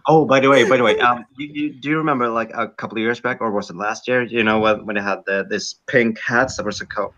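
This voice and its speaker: A man's voice: mid-range voice, steady tone, fast, few pauses, fairly bright tone, dull audio. A man from Sweden, explaining slang with hesitant fillers in casual chat. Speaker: podcast guest.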